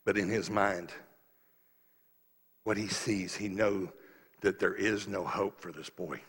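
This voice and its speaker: A man preaching a sermon, telling a story quietly and then building to fervent, rising exhortation. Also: deep voice, fairly even intonation, takes it slowly, breathy edge. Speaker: pastor. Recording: long reverb of a large hall.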